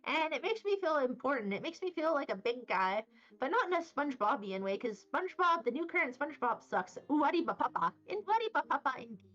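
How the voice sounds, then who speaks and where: A woman's voice: high-pitched, sing-song, a little fast, sharp tone. A young woman from Wyoming streaming, chatting casually and reading chat aloud in a rambling, silly, playful way. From Wyoming, USA. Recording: slightly dull audio with faint background music.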